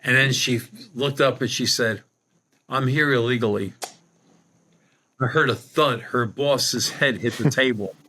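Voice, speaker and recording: A man's voice: mid-range voice, steady tone, normal speed, hardly any pauses, sharp tone. An older man, a podcast guest telling a rambling anecdote with many restarts. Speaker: guest, psychic medium. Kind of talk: storytelling in a podcast interview.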